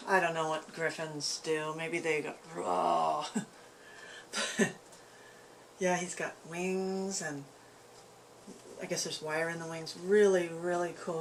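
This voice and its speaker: A woman's voice: on the low side, a little hiss or hum. A woman showing off her puppet collection at home in a casual, upbeat show-and-tell chat, rambling along with fillers. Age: adult parent. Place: home room full of collectibles.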